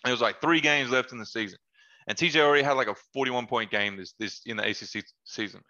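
A man with a bright, forceful voice tells relaxed stories on a podcast, mixing in slang and laughing easily. The audio is dull and lo-fi. He talks like he is among old friends. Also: mid-range voice, fast. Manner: laid-back, laughs often, slangy asides. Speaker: podcast guest, former basketball player. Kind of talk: casual storytelling chat.

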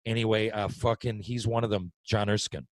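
A man telling a long story in casual chat, swearing often and getting loud when worked up. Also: on the low side, a little fast, no room sound, poor audio. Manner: profane, animated, swings loud when worked up.

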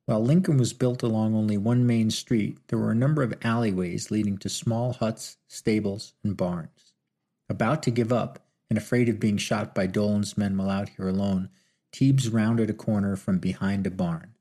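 A man's voice: fairly low pitch, fairly even intonation, moderate pace, dark tone. A man reading a novel aloud as audiobook narration, in a dry, wry storytelling manner. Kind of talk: scripted narration.

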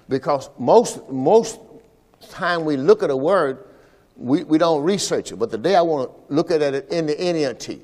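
A fairly high-pitched male voice rings out with a long reverb tail as the pastor preaches his sermon. He draws responses from the congregation call-and-response fashion, repeating "all right."

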